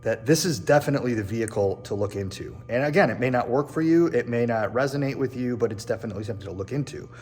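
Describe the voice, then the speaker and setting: This show host, also a real estate agent, talks to camera in a machine shop, animated and quick with few pauses, his earnest reflections full of repeated, restarted phrases. His medium voice is darkish with a breathy edge and a long reverb tail.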